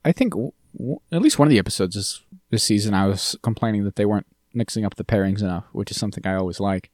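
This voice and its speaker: A man co-hosting a podcast, chatting casually about a TV episode and jumping into animated impressions of the characters. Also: fast talker, no echo, clean studio sound. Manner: animated, jumps high when mimicking characters. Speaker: podcast co-host. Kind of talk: casual chat recapping a TV episode.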